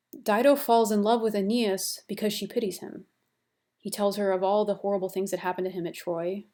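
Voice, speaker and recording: A woman's voice: medium pitch, darkish tone. A young woman lecturing on a classical epic in a casual, chatty way, paraphrasing with many fillers and restarts. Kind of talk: recorded university lecture.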